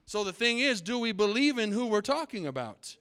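Emphatic man preaching, high-pitched voice. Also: big pitch swings, brisk, fairly bright tone, smooth. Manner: emphatic call-and-response preaching. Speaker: pastor. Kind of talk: sermon. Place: church sanctuary.

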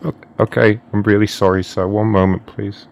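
A man's voice: fairly low pitch, flat delivery, normal speed, vocal fry. Ron, a man playing a meek stammering phone agent. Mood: flustered, apologetic. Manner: stammering, apologetic, polite. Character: meek, flustered male customer-service agent. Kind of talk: prank call role-play.

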